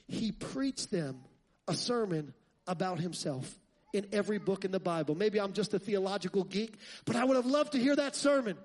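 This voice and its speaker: A man preaching a sermon, asking the congregation rhetorical questions and building to loud, fervent passages. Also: high voice, lively intonation, normal speed.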